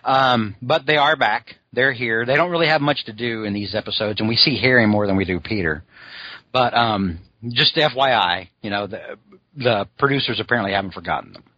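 Guy rambling on a podcast, husky scratchy voice, dry close sound, kinda lo-fi. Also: on the low side, a little fast, sharp tone, dry recording. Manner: rambling, many fillers and restarts. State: scratchy throat, clearing it often. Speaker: podcast host reviewing a cartoon. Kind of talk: casual chat.

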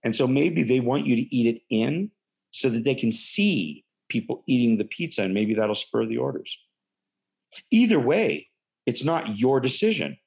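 A man voicing a calm male friend who lectures him in a low, measured tone. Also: gravelly, breathy edge, muffled recording, full character voice. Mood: lecturing.

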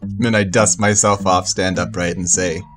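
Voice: deep voice, fairly even intonation, moderate pace, music in the background. A tabletop game player describing their character's actions in a playful, joking way. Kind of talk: in-character role-play.

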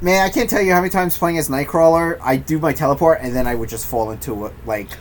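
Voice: medium pitch, quick pace. A podcast co-host reminiscing casually about old video games, laid-back, trailing off and swearing.

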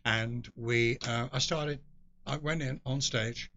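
A man's voice: mid-range voice, steady tone, slow, pushed and bright. An older man from England, telling long rambling stories as a guest in a casual interview. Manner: rambling anecdotal storyteller with restarts and laughs. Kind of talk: casual storytelling. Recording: dull lo-fi recording.

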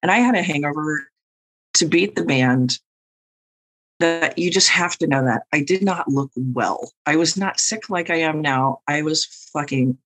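A woman's voice: deep voice, measured pace, fairly bright tone, rough recording. A woman co-hosting a podcast, telling a story in a wry, profane, laughing way. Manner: profane, wry, laughing through her stories. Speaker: podcast co-host and tarot reader. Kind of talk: casual storytelling chat.

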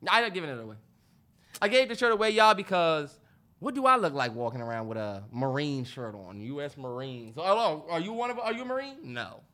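A fairly quick, higher-voiced man co-hosts a podcast and spins a story in relaxed conversation. He laughs a lot, sounds breathless, and performs other people's lines with lively energy.

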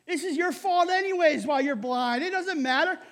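A man voicing a rude, scolding man in a crowd who shouts mocking words. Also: very high voice, normal speed, in a large hall, pitched above the performer's own voice. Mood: scornful.

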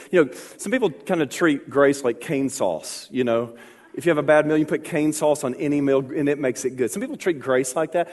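A man preaching a sermon as pastor, calling for responses from the congregation and building to shouts. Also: mid-range voice, big-room sound. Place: church.

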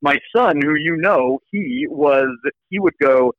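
A man with an American accent, a law professor guest telling stories in an animated, restarting way. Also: on the high side, slow, no echo, narrow, tinny audio. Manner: animated, repeats words as he restarts. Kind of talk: casual storytelling interview.

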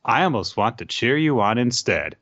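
A man's voice: medium pitch, very animated, normal speed, fairly bright tone, no room sound. A man reading the lines of a cheerful young woman villain, offhand and bubbly, on a dull, dry lo-fi recording. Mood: breezy.

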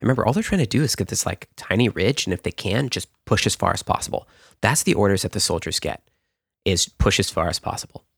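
Deep-voiced man telling history casually. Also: lively intonation, quick pace, vocal fry, a bit bright, slightly rough, dry recording, clean studio sound. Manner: explanatory, conversational, with restarts. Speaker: podcast host.

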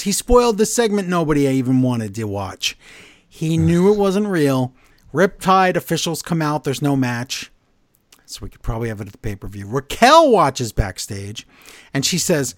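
A man co-hosting a casual wrestling podcast, poking fun at what he recaps. His voice sits a little high and swings widely in pitch. The sound is dry and close. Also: moderate pace, no room sound. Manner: animated, exasperated, mocking the quotes.

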